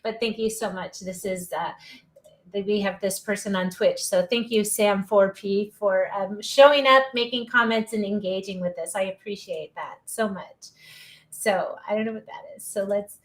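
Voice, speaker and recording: A woman's voice: mid-range voice, fairly even intonation, moderate pace. A woman hosting a live-streamed interview show, chatty and upbeat, cheering her listeners on. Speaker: podcast host.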